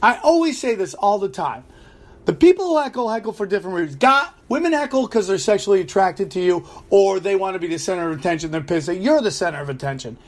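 A man who does stand-up, ranting through a profane, animated story about a gig on his podcast. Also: high voice, quick pace. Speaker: stand-up comedian and podcast host.

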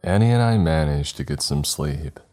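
A man reading a scary story aloud in a slow, measured, grave manner, as the narrator of a horror podcast. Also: animated, faint music behind. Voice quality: very deep, dark voice.

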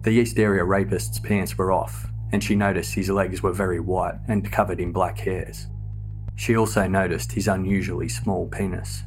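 A man with a very low voice reads a true crime story in a steady, measured way. Soft music plays faintly behind him. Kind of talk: scripted true crime narration. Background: faint background music.

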